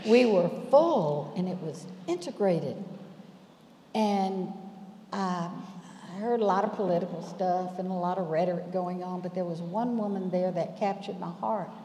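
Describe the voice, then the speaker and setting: A woman's voice: fairly low pitch, unhurried, mellow. A woman, telling personal stories on a panel in a chatty, rambling way. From Memphis, Tennessee. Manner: chatty, restarts often, laughs between thoughts. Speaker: alumna panelist. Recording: roomy hall with long reverb.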